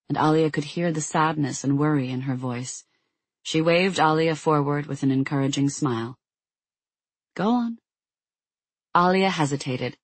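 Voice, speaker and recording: A measured, calm reading of a storybook. The voice sits in a middle pitch and is recorded close and dry in a small booth, with no room sound. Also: no room sound. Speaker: audiobook narrator. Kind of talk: scripted narration.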